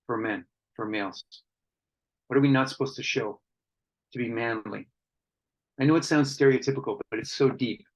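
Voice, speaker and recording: A man's voice: medium pitch, normal speed, long pauses, rough recording. A man facilitating an online workshop, reading out participants' comments and reflecting on them in an earnest, conversational way, with frequent restarts.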